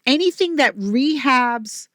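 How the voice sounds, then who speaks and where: A woman guest on a podcast, telling stories in an energetic, chatty way with quick asides. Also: high voice, no room sound, clean studio sound. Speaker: podcast guest, company president. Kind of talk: casual interview talk.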